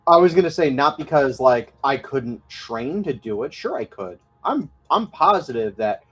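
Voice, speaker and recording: A man's voice: medium pitch, very animated, moderate pace, a bit bright, slightly rough, poor audio. A man in casual chat, responding easily and sharing his musings. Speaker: podcast co-host.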